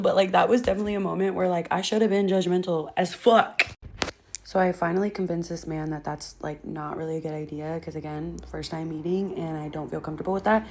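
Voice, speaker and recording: A woman's voice: fairly low pitch, fairly even intonation, fast talker, darkish tone, slight background noise. A young woman telling a casual storytime, blunt and exasperated, swearing freely.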